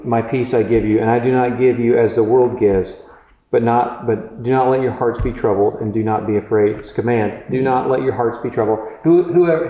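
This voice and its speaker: A man gives a sermon in a loose, conversational way, stumbling over restarts and fillers as he works through scripture. His voice sits at an ordinary male pitch. It is recorded in an echoey room with a slightly dull sound. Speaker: pastor.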